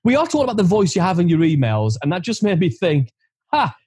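A man's voice: high-pitched, huge pitch swings, fast, noisy background. A man hosting a podcast interview, chatty and playful as he asks questions. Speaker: podcast host. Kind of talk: casual interview chat.

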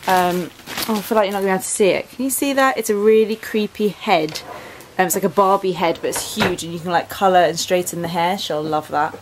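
A woman's voice: fairly low pitch, brisk, few pauses, noisy background. A woman in her twenties with an English accent, chatting casually in a vlog at home, rambling with plenty of ums and likes as she shows her clothes. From England. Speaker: vlogger. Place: bedroom at home.

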